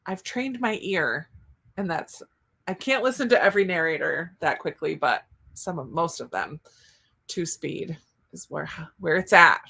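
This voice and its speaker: A woman's voice: lowish voice, expressive, a little slow, vocal fry, sharp tone, slightly rough. A woman with a Southern US accent hosting a casual livestream, chatty and giggly, with frequent exclamations as she reads out viewer comments. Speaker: livestream host.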